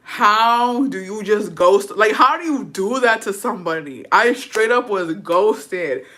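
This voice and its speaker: A young woman chatting to camera in storytime mode, her voice bright and edged. She talks brashly and dramatically, swears freely and slips into Spanish now and then. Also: mid-range voice, animated, unhurried. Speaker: vlogger. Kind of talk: casual storytime chat.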